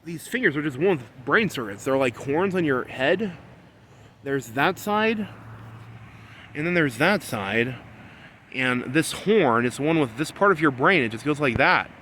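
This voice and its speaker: A man in a rambling solo monologue, repeating himself and swinging between low muttering and loud, insistent scolding. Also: expressive, a little slow, slight background noise. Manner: repetitive, talks about himself in the third person. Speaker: vlogger.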